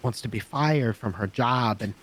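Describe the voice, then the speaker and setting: A man playing a prison guard, recounting events in character with lively detail and many fillers. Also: medium pitch, normal speed. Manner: animated storyteller, lots of fillers. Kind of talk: in-character game storytelling.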